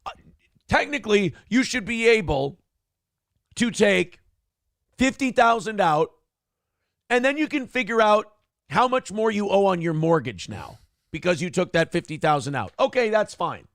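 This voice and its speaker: This is a man hosting a morning talk show who rants and swears as he talks. His voice sits high for a man and has a gravelly edge. The room sound is dry. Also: sing-song, measured pace, long pauses, a bit bright, dry recording. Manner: profane, ranting. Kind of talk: casual talk show banter.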